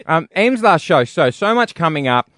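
A man's voice: a little high, very animated, normal speed, fairly bright tone, no echo. A man hosting a breakfast radio show in a studio, telling stories animatedly and laughing often. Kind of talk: casual on-air banter.

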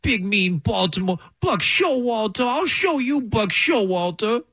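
A man mocking sulking ballplayers in a high whining crybaby voice, with fake crying. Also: lively intonation, a little slow, sharp tone, slightly rough, dry recording, clean studio sound, exaggerated voice. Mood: whiny.

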